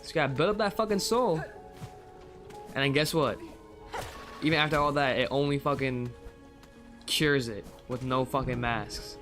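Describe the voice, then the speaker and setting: A young man streaming a video game, ranting and swearing in exasperation, swinging from low mutters to high yelps. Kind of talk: live gameplay commentary. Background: game music.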